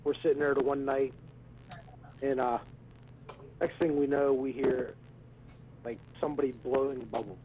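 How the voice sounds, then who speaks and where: A man telling a quick, animated story in casual chat. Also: medium pitch, background noise.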